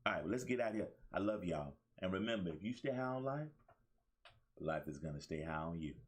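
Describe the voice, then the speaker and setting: A man's voice: low-pitched, animated, brisk. A man hosting his own motivational talk show, preaching to listeners with repeated phrases. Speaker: life coach and show host.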